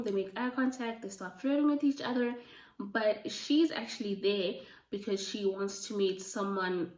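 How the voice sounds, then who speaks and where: A woman chatting casually about books she has read, gushing and full of fillers, her voice going a little hoarse. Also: on the high side. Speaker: book reviewer. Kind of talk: casual book review chat. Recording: roomy, from a distance.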